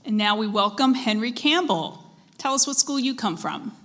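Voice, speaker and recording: A woman serving as pronouncer at a spelling bee, reading out words and dictionary definitions in a measured, deliberate way and prompting contestants politely. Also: fairly high pitch, expressive, fairly bright tone. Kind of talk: formal competition announcing. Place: school event hall.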